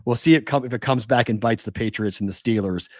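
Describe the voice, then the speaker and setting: This sports betting show host talks fast in a mid-range voice, ranting with exasperated rhetorical questions. He's in his forties and based on the West Coast, and the studio sound is clean with no room sound.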